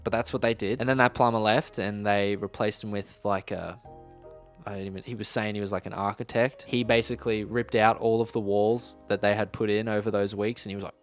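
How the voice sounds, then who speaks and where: A man's voice: lowish voice, little pitch movement, brisk, faint music behind. A young Australian man telling a work story in a laid-back, wry way, swearing casually. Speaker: YouTuber, electrician.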